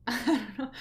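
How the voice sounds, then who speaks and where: A woman hosting a casual livestream, chatting loosely with many fillers and reading out viewer messages. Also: on the high side. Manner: chatty, reads out chat messages, lots of fillers. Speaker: livestream host.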